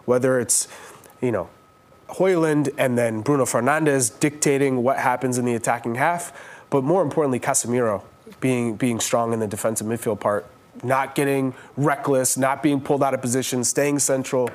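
Measured male soccer pundit. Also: medium pitch. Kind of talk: casual panel chat.

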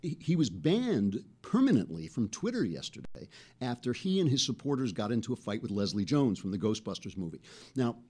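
A man hosting a casual political commentary show, talking in an animated, chatty way and laughing between points. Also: medium pitch, a little fast, breathy edge. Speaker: host.

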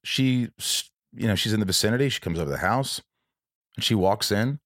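A man in casual conversation, telling a personal story in a rambling way with many restarts and lively retold quotes. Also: on the low side, brisk, no room sound, clean studio sound.

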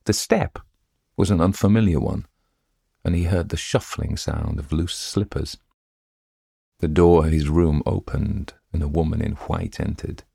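A man reads a classic story in a measured, steady way. His voice is very deep with a gravelly, husky edge, and it is recorded dry and close. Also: no echo. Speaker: narrator. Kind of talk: scripted story reading.

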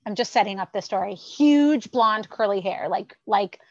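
Animated Canadian woman, 30s, remote guest, dull dry line. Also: medium pitch, normal speed, dry recording. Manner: chatty, teasing, animated storyteller. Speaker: podcast guest and mother. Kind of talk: casual chat.

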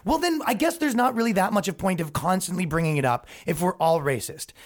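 A man's voice: high voice, animated, fairly quick. Male podcast host; loose, profane, sarcastic rant with lots of restarts. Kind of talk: comedic rant.

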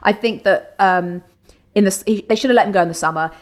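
A woman in her forties with an English accent, a guest in a casual interview, talking in an animated, opinionated way with quick asides. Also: medium pitch. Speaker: guest, football TV presenter.

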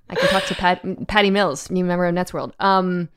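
A woman guest in casual podcast chat, talking in a flat, dry way. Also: fairly low pitch, normal speed, smooth. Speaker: football analyst guest.

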